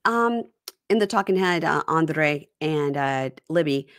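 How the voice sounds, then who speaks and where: A woman's voice: deep voice, expressive, unhurried, smooth, dry recording, studio quality. A woman co-hosting a casual podcast, recapping a reality show and acting out the cast's lines. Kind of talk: casual chat.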